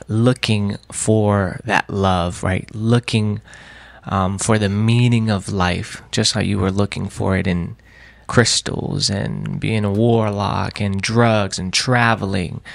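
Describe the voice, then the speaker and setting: A man with a low, gravelly voice asks measured, probing questions as an interviewer. His voice sounds close and dry, with no room around it. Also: no echo. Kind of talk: testimony interview.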